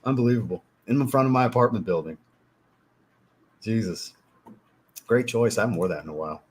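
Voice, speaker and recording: A man hosting a fragrance livestream, chatting casually, telling profane, animated stories and reading out chat messages. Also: on the low side, brisk. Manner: animated, profane storytelling, reads chat aloud. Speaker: livestream host.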